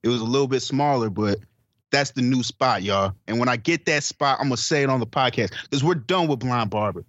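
A man's voice: medium pitch, fairly quick, a bit bright, no room sound, muffled recording. A man co-hosting a podcast, telling a story in a casual chat with friends, acting out the people in it, swearing and laughing often. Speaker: podcast co-host.

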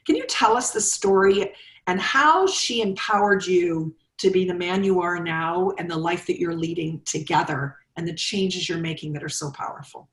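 Woman, co-host, effusive, lowish voice, echoey room. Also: normal speed. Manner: warm, effusive praise of guest. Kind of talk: interview chat.

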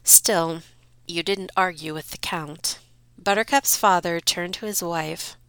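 A woman's voice: on the low side, takes it slowly, fairly bright tone, clean tone, no room sound. A woman narrating a storybook in a wry, dry storytelling manner.

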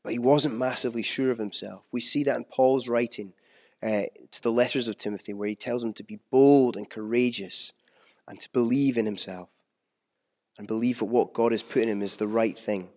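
A man preaches a sermon in a relaxed, conversational way, with fillers, restarts and wry asides about himself. His voice sits at an ordinary pitch. It comes through muffled, with a long echo filling a large hall. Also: brisk. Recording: dull sound with long reverb in a hall.

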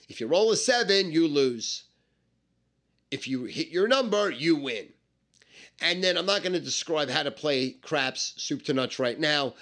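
A man telling a story about his own past in an animated, emphatic way, with lots of swearing and repetition. He explains things step by step and repeats the numbers. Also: fairly high pitch. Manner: emphatic and profane, with many repetitions.

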